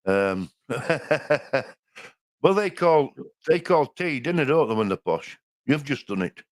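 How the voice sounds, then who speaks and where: Here a livestream co-host, an older man from Yorkshire, England, rambles in a chatty, homely way and chuckles a lot, with a Yorkshire English accent. His mid-range voice is sing-song and unhurried, captured in a dry, studio-quality recording.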